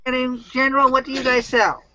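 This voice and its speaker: A man with an unusually high, bright voice hosts a live-stream interview, asking plain, direct questions. He is heard through a computer mic on an online call, with dry, somewhat muffled sound. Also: little pitch movement, fairly quick. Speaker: host.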